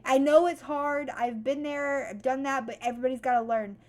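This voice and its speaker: A young woman with a high voice speaks straight to her viewers in a motivational vlog. She is blunt and profane, and she moves between calm advice and loud, heated venting. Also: a little fast. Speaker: vlogger. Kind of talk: motivational talk to camera.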